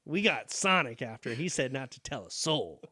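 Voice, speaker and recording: A man's voice: mid-range voice, normal speed. A young man co-hosting a podcast, telling stories in a casual, profane, laughing way. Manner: animated, profane, laughing storyteller. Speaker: podcast co-host. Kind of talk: casual chat, storytelling.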